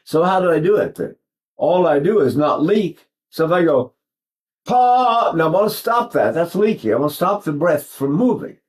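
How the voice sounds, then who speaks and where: A man in his eighties, acting as a voice teacher, gives an informal singing lesson that rambles and digresses, often breaking off to demonstrate vocal sounds. His voice is fairly high-pitched, animated, and a little fast.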